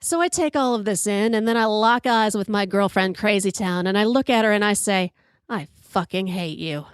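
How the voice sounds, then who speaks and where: A woman in her fifties hosting a podcast, telling a story in an animated, profane way and acting out the quotes. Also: mid-range voice, brisk, clear, resonant tone, dry recording, studio quality. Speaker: podcast host. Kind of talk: storytelling monologue.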